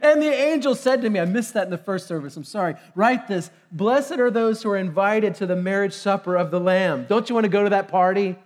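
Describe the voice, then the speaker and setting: A man preaching a sermon in a church, excitable, bursting into shouts and then pulling himself back in. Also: sits high, brisk, few pauses. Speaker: pastor. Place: church sanctuary.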